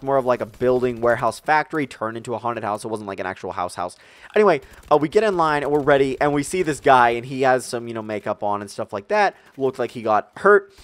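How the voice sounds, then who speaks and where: A young man telling a story in a casual, animated way, full of "like" and "you know". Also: mid-range voice, no echo. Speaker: vlogger.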